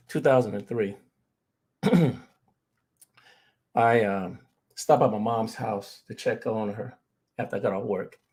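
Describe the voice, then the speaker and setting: A middle-aged man with a husky voice gives an earnest talk on grief. He speaks straight to his audience and weaves in personal stories. His pitch sits in a plain middle range. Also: darkish tone. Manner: earnest storytelling, addresses audience directly. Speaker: grief recovery specialist.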